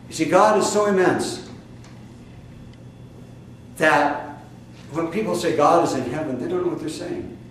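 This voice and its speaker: An older man with a Midwestern American accent preaching a sermon to a congregation, emphatic and fiery, with sudden loud bursts and drawn-out stresses. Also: fairly high pitch, animated. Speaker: spiritual teacher. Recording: echoey distant room recording with faint noise.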